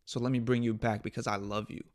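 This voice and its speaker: A man's voice: lowish voice, flat delivery, fast. A man hosting his own podcast, talking bluntly and profanely in a casual, exasperated rant. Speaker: podcast host.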